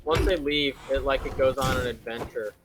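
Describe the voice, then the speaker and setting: A man's voice: medium pitch, normal speed. A man casually retelling a movie's plot in a rambling way, full of "like"s and restarts, over a noisy recording.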